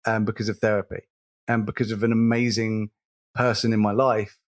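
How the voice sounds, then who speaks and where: A man, co-hosting a casual podcast, speaking earnestly and slowly, repeating words as he stresses a point. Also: fairly low pitch, little pitch movement. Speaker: podcast co-host.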